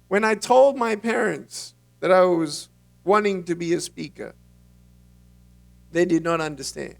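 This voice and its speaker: A man with a notably high voice is giving a motivational keynote at a conference. He tells his story in an animated way and acts out the dialogue as he goes. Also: unhurried, vocal fry, pauses often, far from the mic. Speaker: motivational speaker. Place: conference stage.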